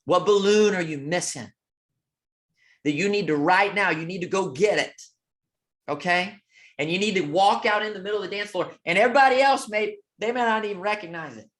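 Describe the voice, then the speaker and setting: A man coaching with a motivational talk, telling a story in an emphatic, preacher-like rhythm. He keeps asking "okay?" and moves between loud and soft. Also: high voice, fairly quick. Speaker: real estate coach.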